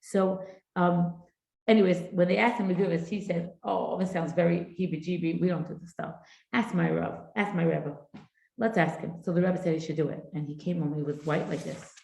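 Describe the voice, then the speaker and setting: Middle-aged woman with a gravelly, echoey voice. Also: on the low side, fairly even intonation, normal speed, darkish tone. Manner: chatty, full of fillers and Hebrew and Yiddish terms. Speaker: parenting class teacher. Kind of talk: informal class talk to a group.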